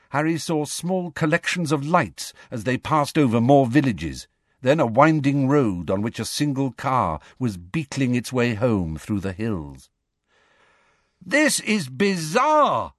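Expressive male audiobook narrator. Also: medium pitch, no room sound, clean studio sound. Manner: expressive, dramatic reading. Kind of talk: scripted storybook narration.

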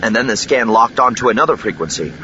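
A man narrating an audiobook in an expressive, dramatic reading. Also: mid-range voice, fast talker. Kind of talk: scripted narration. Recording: dull lo-fi with steady noise.

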